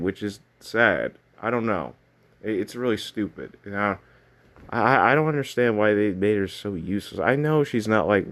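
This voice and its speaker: A man giving casual commentary on game character designs, rambling with frequent restarts and self-corrections. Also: lowish voice. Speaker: video commentator.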